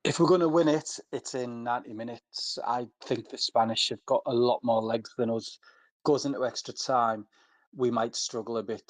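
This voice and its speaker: A man chatting on a podcast, earnest and halting, often restarting his words. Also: medium pitch, no room sound. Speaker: podcast regular. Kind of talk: casual chat.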